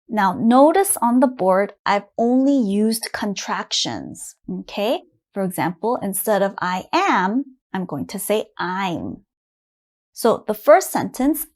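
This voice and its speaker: A woman teaching beginner English grammar at a board, patient and clearly enunciated, repeating words for learners to copy. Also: fairly high pitch. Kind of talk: slow beginner grammar lesson. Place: classroom at a board.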